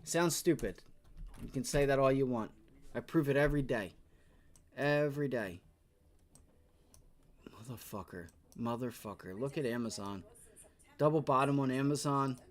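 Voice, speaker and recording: A man's voice: medium pitch, moderate pace, long pauses. Exasperated young male day trader, swearing. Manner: frustrated, swears, repeats exclamations. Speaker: day trader streaming live. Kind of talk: live trading commentary.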